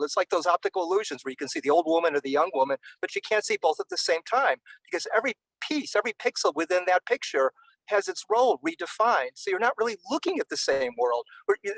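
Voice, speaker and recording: Halting, professorial man with dry sound. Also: sits high, very animated, a bit bright, no echo, poor audio. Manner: halting, many restarts and fillers, professorial. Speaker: interviewee. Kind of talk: academic discussion.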